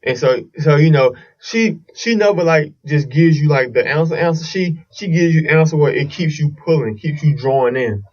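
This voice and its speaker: Guy rambling thru a story on his podcast, bit high voice, kinda muffled lo-fi. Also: normal speed, hardly any pauses, a little mellow, distant mic. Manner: rambling storytelling with restarts and swearing. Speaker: podcast host. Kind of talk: casual solo podcast monologue.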